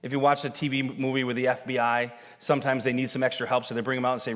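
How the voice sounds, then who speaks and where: A male pastor preaching a sermon, telling Bible stories with animated acted-out dialogue. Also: medium pitch, rapid-fire, few pauses. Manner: animated storytelling, acting out characters' lines. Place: church sanctuary. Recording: long hall reverb.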